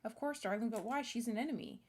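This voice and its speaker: A woman's voice: fairly high pitch, fast, darkish tone, a little hiss or hum, close to an everyday voice. A woman voicing a clingy, snippy young mage. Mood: doting, snippy.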